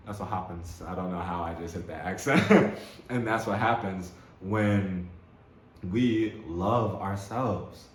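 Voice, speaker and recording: The host of this spiritual self-help talk speaks slowly in a low-pitched voice. Enthusiastic, he repeats words and laughs frequently, all captured in a roomy, echoing recording with faint background noise.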